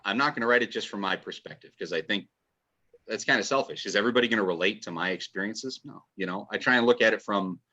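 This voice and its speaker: A man's voice: fairly low pitch, sharp tone, slightly rough. A man speaking as a podcast guest, chatting enthusiastically and rambling with restarts. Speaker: podcast guest, fan writer. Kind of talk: casual podcast chat. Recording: dull lo-fi audio.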